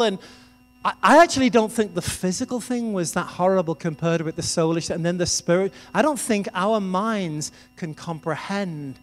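High-voiced man preaching in a hall. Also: moderate pace. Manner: conversational storytelling preaching. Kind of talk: sermon. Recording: reverberant hall with music behind.

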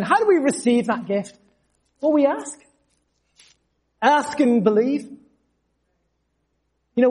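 A male preacher giving a sermon, telling his own testimony in an animated storytelling way. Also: very high-pitched, husky. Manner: storytelling, animated, jumps to shouts.

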